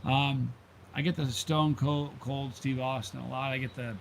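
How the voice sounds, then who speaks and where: A man's voice: mid-range voice, fairly even intonation, measured pace, creaky, a little hiss or hum. A middle-aged man hosting his channel's live stream, chatting casually with viewers and drifting off into rambling stories. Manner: rambling, easily sidetracked storyteller. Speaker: channel host reading live chat.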